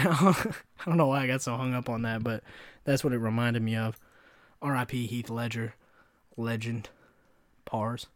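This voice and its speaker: Young man, solo podcast host, casual rambling talk, laughs often, mid-pitched voice, dry close sound. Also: moderate pace, no room sound. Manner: rambling, laughing, acts out quoted dialogue.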